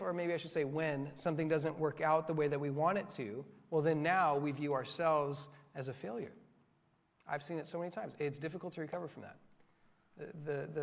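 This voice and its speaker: A young male pastor preaching a sermon in a church, lively and joking with quick asides to his congregation. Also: a little high, vocal fry. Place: church sanctuary. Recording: long church hall reverb.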